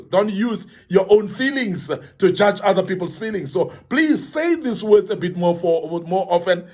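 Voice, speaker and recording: A man's voice: high-pitched, a little mellow. A man giving an earnest motivational talk to young men, emphatic and repeating phrases for stress. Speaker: forum speaker addressing young men.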